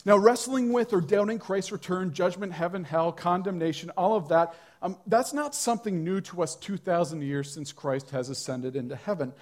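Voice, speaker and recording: A man's voice: sits high, normal speed, hardly any pauses. A male pastor preaching a sermon to a church congregation, telling a story in a conversational way with light humor.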